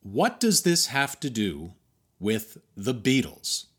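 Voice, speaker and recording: An American man hosting a podcast, reading scripted narration in a measured, wry, emphatic way. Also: medium pitch, big pitch swings, a bit bright, slightly rough. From United States. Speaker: podcast host.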